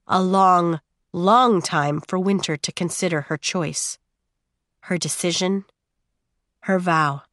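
Woman narrating a dark audiobook. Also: on the low side, no echo, studio quality. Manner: steady, measured, drawn-out pauses.

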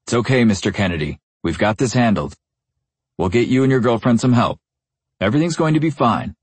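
A man's voice: medium pitch, lively intonation, brisk, slightly rough, dry recording, voice pushed up. A man voicing a smug police officer who talks down to a suspect. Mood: smug, sneering. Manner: sneering, condescending.

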